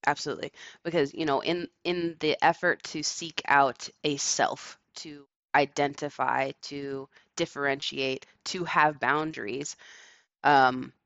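Gravelly-voiced woman musing on a call. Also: sits low, fairly even intonation, a bit bright, no room sound, lo-fi sound. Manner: reflective, laughs often, speaks in slow deliberate phrases. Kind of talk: casual discussion. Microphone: remote call.

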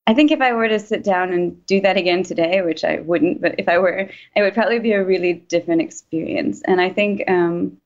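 A woman's voice: lowish voice, a little fast, few pauses, muffled recording. A woman recalls events in a casual interview, chatty and full of filler words, and acts out quoted speech.

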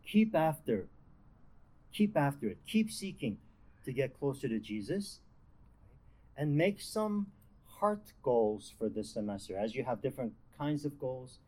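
A man's voice: mid-range voice, sing-song, measured pace, pauses often, mellow, rough recording. A young man giving a casual devotional talk as a campus ministry speaker, chatty and full of fillers and restarts. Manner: conversational, lots of fillers and restarts.

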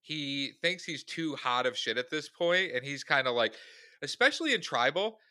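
A man's voice: on the high side, lively intonation, moderate pace, sharp tone, dry recording. A man co-hosting a casual chat podcast, giving easygoing, reasoned opinions. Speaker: podcast co-host.

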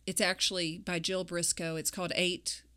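A mother talking about faith and grief in an interview, speaking reflectively and haltingly with many fillers. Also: fairly low pitch, little pitch movement, sharp tone, clean tone. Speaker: guest; grieving mother.

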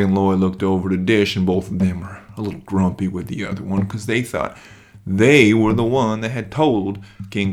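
A man hosting a children's podcast, telling a bedtime-style story in a relaxed, folksy way. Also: low voice. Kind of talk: storybook narration.

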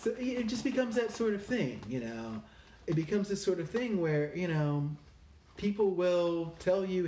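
A man musing casually about a weekend event, rambling with many fillers and pauses. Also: sits high, animated, dark tone, distant mic, a little hiss or hum. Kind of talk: casual personal reflection. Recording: roomy echo, a bit off-mic.

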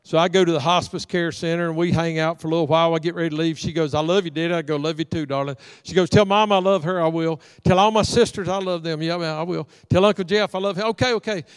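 A man's voice: a little high, steady tone, quick pace, few pauses, clean tone, no room sound, long reverb tail. A middle-aged man preaching a storytelling sermon in a church sanctuary, acting out the voices in his folksy stories. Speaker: pastor.

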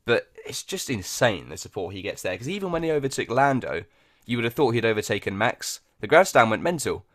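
A man's voice: mid-range voice, big pitch swings, fairly quick, fairly bright tone. A man co-hosting a podcast, chatting casually and animatedly, often laughing. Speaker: podcast co-host. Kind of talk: casual chat.

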